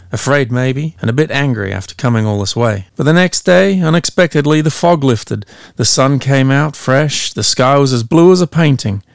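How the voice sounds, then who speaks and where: A man voicing MacDunn, an old lighthouse keeper who speaks gravely and philosophically. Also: mid-range voice, dry recording, clean studio sound, voice pushed up, close to an everyday voice.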